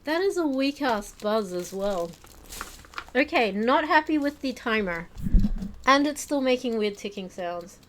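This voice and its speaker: A woman streams from her home stream room, chatting casually while unpacking, her fairly high voice expressive and unhurried. She rambles with fillers and self-mocking asides over a noisy background.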